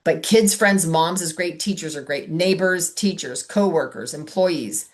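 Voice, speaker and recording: A woman's voice: sits low, measured pace. A middle-aged woman on a video call, chatting casually as she coaches a sales team and acts out talks with customers.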